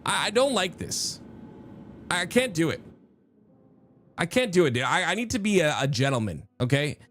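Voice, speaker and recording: A man's voice: fairly high pitch, very animated, normal speed, fairly bright tone. A man streaming a game live, chatting casually and rambling with his viewers, often interrupting himself. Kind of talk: casual live-stream chat while gaming. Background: faint background music.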